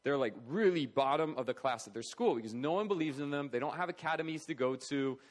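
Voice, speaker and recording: A man's voice: on the high side, fast. A middle-aged man speaking at a charity talk, telling a personal story in an earnest, conversational way. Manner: earnest, conversational, acts out quoted voices.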